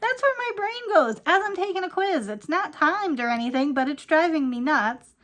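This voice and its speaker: A woman's voice: extremely high pitch, sing-song, normal speed, fairly bright tone. A woman in her thirties ranting casually to camera, rambling and laughing often as she talks. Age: 30s. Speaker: vlogger.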